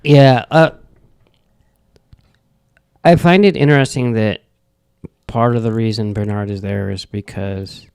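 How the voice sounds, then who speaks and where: A man's voice: fairly low pitch, steady tone, unhurried, gravelly, long pauses, a little mellow, smooth, no room sound, clean studio sound. A man co-hosting a casual podcast, speaking hesitantly and easygoing. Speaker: podcast co-host. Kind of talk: casual chat.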